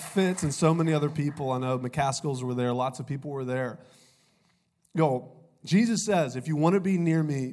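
A young pastor preaches in a loose, conversational way, throwing in "y'all" and small jokes. His voice is slightly rough from a cold, and he speaks into a stage mic. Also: fairly high pitch, darkish tone. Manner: conversational, jokey, says "y'all" often. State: recovering from a cold, voice a little off. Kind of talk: sermon.

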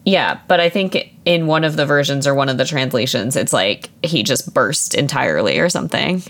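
A woman's voice: very deep voice, animated, moderate pace, a bit bright. A woman co-hosting a casual chat, wry and mocking as she sums up a story. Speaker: podcast co-host.

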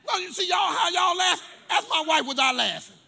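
A man's voice: very high voice, a little fast, gravelly, raised voice. A male pastor preaching a sermon, telling stories and calling on the congregation to respond. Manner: animated preacher, storytelling with call-and-response.

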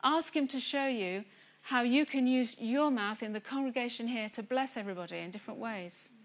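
A woman's voice: fairly high pitch, normal speed. Earnest woman preaching a sermon. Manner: earnest, rising to excited emphasis. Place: church gathering room.

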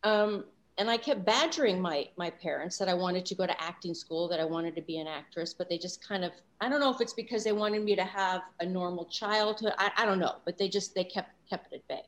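A woman of sixty from Los Angeles, a guest voice actor talking about her career in an animated, enthusiastic way with frequent fillers. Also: on the low side, fairly quick, few pauses. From Los Angeles, USA. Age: 60s. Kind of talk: casual interview chat.

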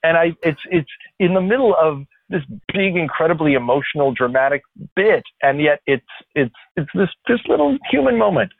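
A man's voice: on the high side, normal speed, dry recording. A man hosting a podcast from home in casual chat, enthusiastic and rambling, full of restarts. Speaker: podcast host. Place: corner of his house. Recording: tinny phone-like line.

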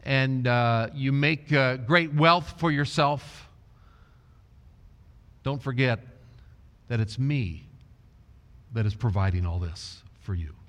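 Guy preaching a sermon, slow and deliberate, big hall echo on it. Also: mid-range voice, fairly bright tone. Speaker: pastor.

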